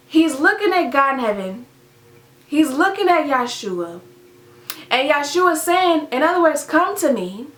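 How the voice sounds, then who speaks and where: A woman's voice: sits high, a bit bright, reverberant. A woman hosting a casual Bible study, folksy with preacherly call-outs.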